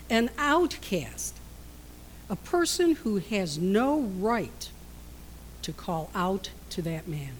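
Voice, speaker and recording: A woman preaching a sermon in a storytelling way, swinging between loud emphasis and hushed, quiet passages. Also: fairly high pitch, slight background noise.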